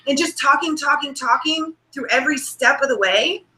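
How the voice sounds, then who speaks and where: A woman's voice: high-pitched, normal speed, bright, forceful tone, reverberant, poor audio. A woman on a video call, explaining earnestly as a show guest, with frequent restarts. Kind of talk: casual video call chat.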